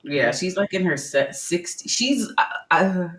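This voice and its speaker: A podcast co-host in casual chat, animated and blunt with opinions. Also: medium pitch, unhurried. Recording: roomy echo from a distant mic.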